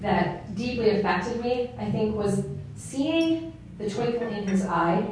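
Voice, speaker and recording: A woman in her forties telling a story to a live audience, animated and given to laughing. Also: mid-range voice, takes it slowly, a little hiss or hum. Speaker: speaker. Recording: echoey room from far off.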